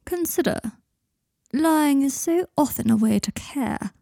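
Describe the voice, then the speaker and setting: Lady doing a sly young wizard guy, lifted up high and slow and drawly, mellow dry sound. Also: animated, vocal fry, no room sound, heavily acted. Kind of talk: fan fiction audiobook reading.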